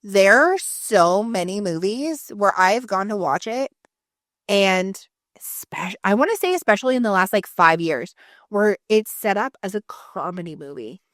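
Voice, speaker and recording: Animated, swearing woman podcaster. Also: medium pitch, unhurried, no room sound, clean studio sound. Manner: animated, swearing, storytelling with acted-out quotes. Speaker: podcast co-host. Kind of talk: casual chat.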